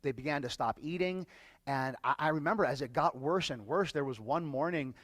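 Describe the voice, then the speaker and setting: With a fairly bright, somewhat high voice, a workshop speaker shares a personal story before a live audience. He speaks emotionally and haltingly, often repeating words, in a dry recording.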